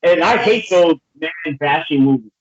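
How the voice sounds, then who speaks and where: A middle-aged man moderating a casual podcast roundtable, ranting in an animated, profane way. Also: fairly high pitch, moderate pace, roomy sound, dull audio, slight background noise.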